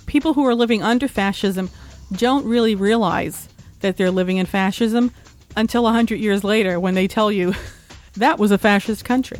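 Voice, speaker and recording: A woman's voice: mid-range voice, moderate pace, faint music behind. A woman hosting a casual talk show, ranting and chatting with plenty of filler words. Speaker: host. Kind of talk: casual opinion chat.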